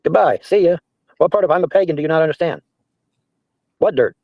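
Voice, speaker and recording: Male streamer, brisk and animated delivery, profane and scornful, dry close sound. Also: a little high, no echo. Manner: profane, mocking, reads chat aloud and answers it. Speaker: livestreamer answering trolls. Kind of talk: casual livestream rant. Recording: dull, dry lo-fi stream audio.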